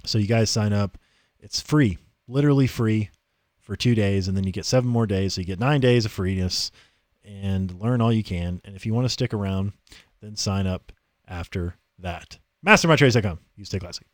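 A man co-hosting a morning talk podcast, chatting casually and pitching sign-ups. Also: normal speed, no room sound, clean studio sound. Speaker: podcast co-host. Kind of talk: casual promo chat.

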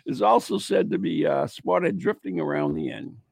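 A man's voice: on the high side, huge pitch swings, moderate pace, creaky, no echo. A man co-hosting a podcast, casually reading ghost stories aloud with joking, mock-grim asides. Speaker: podcast co-host.

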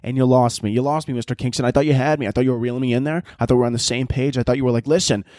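A man's voice: mid-range voice, fairly even intonation, very fast, darkish tone, dry recording, studio quality. A man hosting his own podcast, rambling and joking with lots of swearing. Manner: rambling, profane, jokey, self-interrupting. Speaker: podcast host. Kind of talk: casual solo podcast chat.

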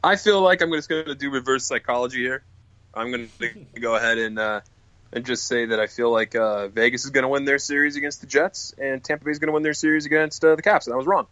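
Brief: male host, bright, dry close mic, easygoing and jokey. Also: medium pitch, quick pace, dry recording. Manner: relaxed, joking, chatty. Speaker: podcast host. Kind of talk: casual sports talk.

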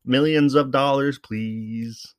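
A man's voice: medium pitch, steady tone, slow pace, smooth, dry recording, pitched above the performer's own voice, close to an everyday voice. A man voicing a jealous grown man who mocks a kids' show host in an exaggerated, childish sing-song. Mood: mocking sing-song.

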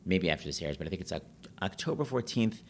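A fast-talking man with vocal fry tells lively stories as a podcast guest in a casual chat; he's a pianist and Broadway host. He breaks into high, put-on voices when quoting others.

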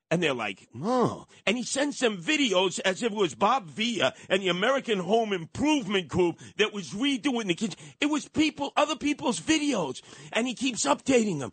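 An older man telling gossipy stories on talk radio, acting out the people he quotes with loud, high exclamations. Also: sing-song, normal speed, hardly any pauses, slightly rough, dry recording.

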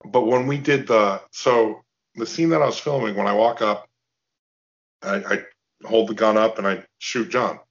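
Guy on a video call telling a story, kinda low voice, dull lo-fi call sound, restarts a lot. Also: measured pace. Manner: animated, restarts and acts out quotes. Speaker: guest actor. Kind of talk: casual storytelling interview.

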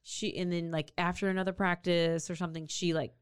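A woman with a fairly low, clean voice speaks a little fast in a dry, clean studio recording. She co-hosts a podcast and tells a true-crime story casually. She is animated and acts out the people in it with big swings in her voice.

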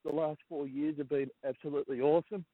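An Australian man calling a radio show, emotional and halting, repeating himself as he speaks. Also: fairly high pitch, steady tone, no room sound. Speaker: caller. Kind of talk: phone-in chat. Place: outdoors walking a dog. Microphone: phone. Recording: tinny phone line.

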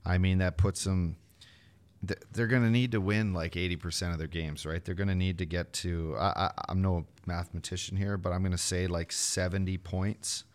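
Low voiced guy, chatty, rambles with likes and you knows. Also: fairly even intonation, moderate pace. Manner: chatty storyteller, lots of fillers. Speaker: podcast co-host. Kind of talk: casual sports chat.

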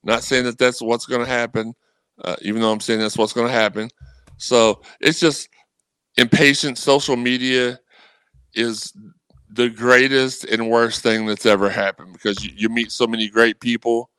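A man chatting casually on a sports podcast, animated and rambling, acting out messages from fans. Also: mid-range voice, moderate pace, clean tone, no echo, low-quality recording. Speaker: guest co-host.

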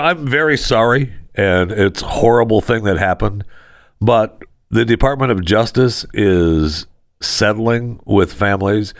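A man's voice: on the low side, no room sound, clean studio sound. A man hosting a sarcastic news commentary show, talking with mocking, sardonic asides. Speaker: host.

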